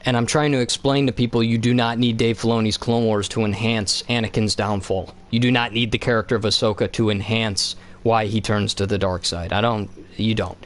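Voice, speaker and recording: A man streaming a game who rambles through a profane, animated retelling in casual chat. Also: fairly low pitch, brisk, few pauses. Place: home basement.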